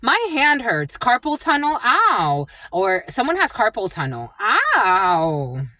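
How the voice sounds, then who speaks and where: Slow, halting woman reader. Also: fairly high pitch, wildly swooping pitch, bright, forceful tone, no echo. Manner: halting, repeats words as they come to her. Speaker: psychic reader. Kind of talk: channeled collective reading.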